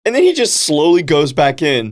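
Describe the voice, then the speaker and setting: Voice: mid-range voice, very animated, moderate pace. A podcast co-host in profane, jokey casual chat, acting out reactions.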